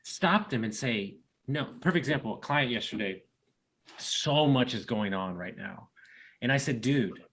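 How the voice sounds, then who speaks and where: A man with a mid-pitched voice hosts a podcast in casual conversation. He talks bluntly and with emphasis, swearing freely as he makes his points. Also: expressive, moderate pace, a bit bright. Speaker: podcast host. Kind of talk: casual interview chat.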